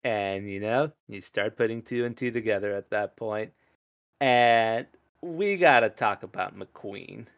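A man's voice: fairly low pitch, a little slow, clear, resonant tone. Chatty male podcast host. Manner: rambling, animated, laughs often. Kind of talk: casual chat.

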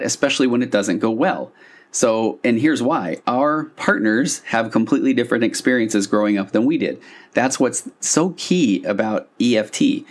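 A man hosting a podcast as a couples therapist, reading quotes aloud and explaining them in a reflective, conversational way with frequent asides. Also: on the low side. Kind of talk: casual solo podcast talk.

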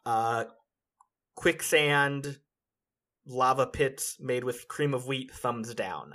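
A man's voice: medium pitch, extremely slow, pauses often, bright, forceful tone. Man hosting a casual gaming chat. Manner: upbeat, wraps up the show. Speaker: podcast host.

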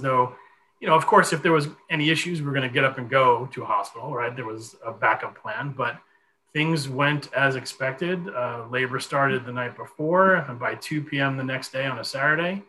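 A man in his forties telling a long personal story in a podcast conversation, animated and full of fillers. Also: mid-range voice, slight background noise, low-quality recording. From Connecticut. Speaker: guest.

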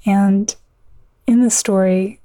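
A woman author telling an old myth in a conversation, earnest and vivid, with quick asides. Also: mid-range voice, fairly even intonation, mellow, dry recording. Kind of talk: conversational storytelling.

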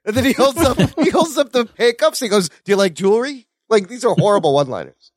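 A man co-hosting a podcast, chatting casually about action movies, animated and swearing freely. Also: extremely high pitch, fast talker, husky, no echo, studio quality. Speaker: podcast co-host.

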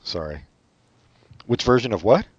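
A man co-hosting a podcast, chatting casually with sardonic, deadpan asides. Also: fairly low pitch, unhurried, breathy edge, dry recording, lo-fi sound. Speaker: podcast co-host. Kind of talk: casual chat.

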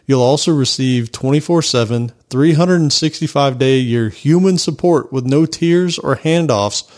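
A man's voice: medium pitch, normal speed, a little mellow. A man co-hosting a tech podcast, reading a sponsor spot in an enthusiastic, conversational way. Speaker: podcast co-host. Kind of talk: casual tech podcast ad read.

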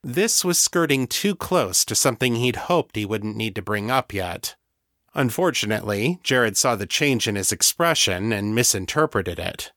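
A man reading an audiobook aloud in calm, measured scripted narration. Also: mid-range voice, dry recording, studio quality.

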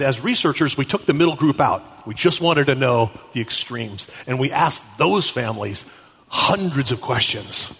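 A man giving an animated storytelling talk at a Catholic conference, acting out the people he quotes. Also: mid-range voice, breathy edge. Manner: animated, acts out quotes with shifting voices. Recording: echoey hall.

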